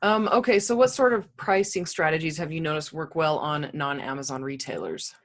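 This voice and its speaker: Low-voiced, chatty woman co-hosting a podcast. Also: expressive, fairly quick. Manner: chatty, laughs easily. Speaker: podcast co-host. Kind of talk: casual podcast chat.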